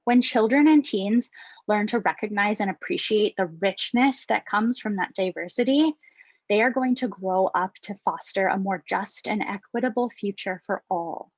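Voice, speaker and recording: A woman on a video call, gently guiding a breathing and mindfulness exercise. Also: mid-range voice, moderate pace, no room sound. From Hawaii. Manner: calm, gentle instructing. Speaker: yoga and mindfulness presenter. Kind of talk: guided mindfulness workshop. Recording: dull, dry video call audio.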